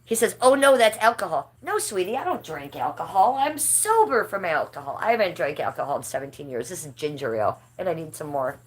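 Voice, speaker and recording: A woman's voice: sits low, sing-song, fairly quick, few pauses, breathy edge. A middle-aged woman talks to her livestream viewers in a loose, rambling way. She gossips about people she knows and laughs often as she reads the chat. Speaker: livestream host.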